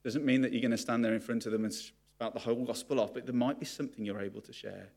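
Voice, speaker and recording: A man's voice: mid-range voice, steady tone, quick pace, gravelly, darkish tone, husky. A man preaching a sermon to his congregation, candid and confessional about his own struggles. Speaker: pastor.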